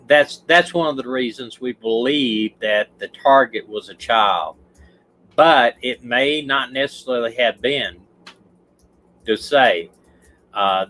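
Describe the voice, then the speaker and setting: A man's voice: medium pitch, a bit bright, low-quality recording. Rambling Southern man discussing a case. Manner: rambling, restarts sentences, stumbles over words. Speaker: retired detective host. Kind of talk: casual case discussion on a livestream.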